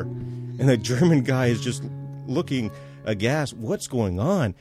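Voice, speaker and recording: A man as a podcast guest, telling a story in casual conversation, halting with many fillers and restarts. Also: medium pitch, lively intonation, music in the background.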